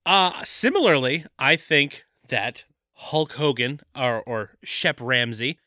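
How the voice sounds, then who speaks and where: A man co-hosting a casual comedy podcast, chiming in with agreement and chuckles. His voice is bright and lively in pitch, recorded dry and close. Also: takes it slowly, dry recording. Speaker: podcast co-host.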